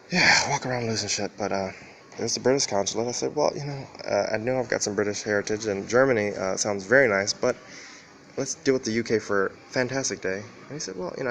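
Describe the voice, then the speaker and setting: A man's voice: lowish voice, creaky, fairly bright tone. A man rambling through a profane, casual monologue while riding a train, laughing often. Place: on a train and station platform. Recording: noisy train ambience.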